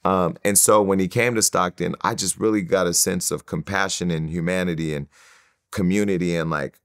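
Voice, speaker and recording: A man from California sits as an interview guest and tells his life story in a very deep voice. He brings the story to life by acting out what others said. The sound is close and dry. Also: normal speed, smooth, dry recording. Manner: animated storyteller who acts out quoted voices.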